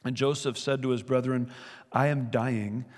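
A man's voice: medium pitch, steady tone, moderate pace. A man preaching a sermon in an earnest, conversational way, asking his listeners questions as he goes. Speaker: pastor. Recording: long hall reverb.

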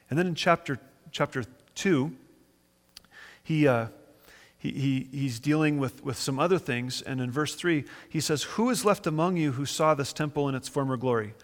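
A man's voice: medium pitch, long reverb tail. A man delivering a conversational, enthusiastic sermon, reading and explaining scripture to his congregation. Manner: enthusiastic, conversational Bible teaching with dramatic quoted voices. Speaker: pastor.

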